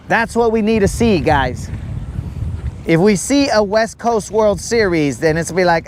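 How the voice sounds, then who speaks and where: Out on a lake, a man streams live fishing from his boat, his voice on the high side with a little hiss or hum in the audio. He jokes casually with viewers, teasing them by name and wandering into drawn-out asides.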